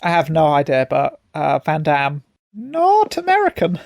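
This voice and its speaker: Gravelly sarcastic podcast host. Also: male voice, on the high side, flat delivery, normal speed, no room sound, studio quality. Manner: sarcastic, swearing. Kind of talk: casual chat.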